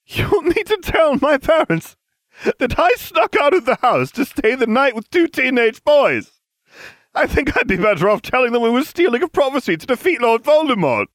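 Guy doing a squeaky bossy teen witch girl, high falsetto, lots of swoops up and down, dry close sound. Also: sing-song, moderate pace, fairly bright tone, no room sound, exaggerated voice. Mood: exasperated. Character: exasperated teenage girl witch, bossy and clever.

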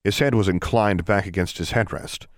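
A male audiobook narrator with a deep voice delivers scripted narration at a moderate pace, in a dry, studio-quality recording.

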